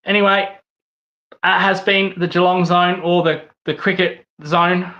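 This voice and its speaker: An Australian man rants hard, swearing and repeating himself as he hosts his own channel. His voice sits high and sounds bright and forceful. The recording is a little muffled and lo-fi. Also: level tone, measured pace. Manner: profane, repetitive ranting. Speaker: host. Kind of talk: angry rant vlog.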